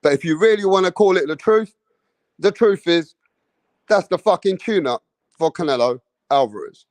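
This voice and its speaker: A man's voice: high-pitched, expressive, normal speed, a little mellow, dry recording. A man doing a rowdy London boxing fan. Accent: put-on London. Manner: swearing, slangy, boisterous.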